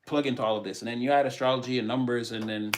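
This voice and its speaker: A man's voice: medium pitch, fairly even intonation, very fast. A man reading tarot on a live stream, chatting casually, preaching motivation and greeting his viewers by name.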